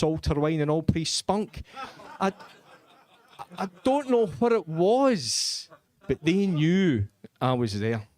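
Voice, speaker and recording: A man's voice: fairly high pitch, a little mellow. A man doing crude, self-mocking live stand-up comedy in a comedy club.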